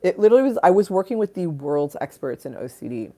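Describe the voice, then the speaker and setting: Low-voiced woman rambling candidly on a livestream. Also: sing-song, quick pace, warm tone. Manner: rambling, candid, laughs and swears often. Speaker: livestream host. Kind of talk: casual livestream chat.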